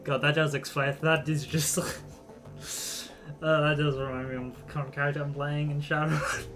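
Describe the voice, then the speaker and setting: A man gives casual gameplay commentary, rambling and giggly, full of fillers. His voice sits somewhat high for a man. Faint music runs underneath. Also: flat delivery, moderate pace. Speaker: streamer.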